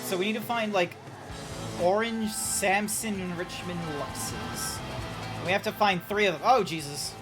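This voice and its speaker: A man's voice: high voice, a little slow. A man in casual, rambling commentary while streaming a video game, full of asides. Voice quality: rambling, lots of fillers and asides. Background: music playing.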